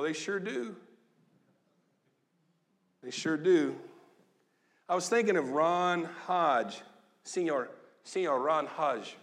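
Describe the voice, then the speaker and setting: A man in his fifties, a pastor giving a lively, joking, conversational sermon in a church. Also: high-pitched. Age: 50s. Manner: animated, joking, conversational preaching. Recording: long echo of a large hall.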